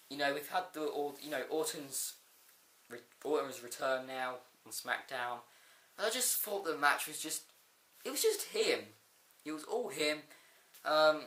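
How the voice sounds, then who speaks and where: A man giving a rambling, excitable casual video review of a wrestling show. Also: fairly high pitch. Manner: excitable, rambling, with frequent fillers and outbursts. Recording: echoey room.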